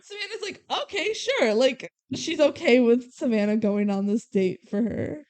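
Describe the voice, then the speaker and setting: A young woman co-hosting a podcast, recapping a movie in casual chat and playfully mimicking the characters. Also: on the high side. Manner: animated retelling, quick mimicking of characters. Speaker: podcast co-host.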